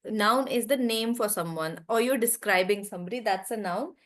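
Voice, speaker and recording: A woman teaching stress in words to students in an online class. She explains patiently and says key words slowly, with the stress marked. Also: mid-range voice. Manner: talks straight to the students. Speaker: English teacher.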